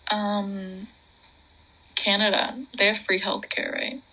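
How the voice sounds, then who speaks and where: A young woman co-hosting a casual late-night livestream chat, chatty and giggly, sometimes dropping into hushed whispers. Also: mid-range voice, monotone, takes it slowly, rough recording. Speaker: livestream co-host.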